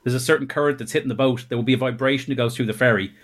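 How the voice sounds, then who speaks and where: A man's voice: medium pitch, steady tone, very fast. A man, a comedian guest telling rambling, self-interrupting comic anecdotes in casual chat.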